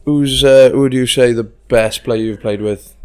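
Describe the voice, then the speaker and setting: A man's voice: medium pitch, fairly even intonation, moderate pace, clean tone. Male podcast host, casual, sweary, enthusiastic, mid voice. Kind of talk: casual chat.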